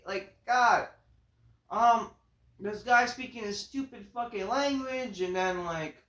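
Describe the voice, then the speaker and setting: A woman's voice: fairly high pitch, fairly bright tone. A woman reviewing a wrestling show in a casual, profane rant full of fillers. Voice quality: casual, filler-heavy talk with lots of swearing. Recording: roomy echo.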